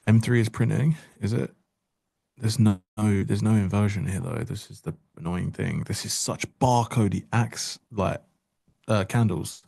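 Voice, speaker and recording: A man's voice: lowish voice, fairly even intonation, unhurried, creaky, dark tone, no echo. A man giving casual live-stream trading commentary, joking wryly and answering chat aloud into a close mic.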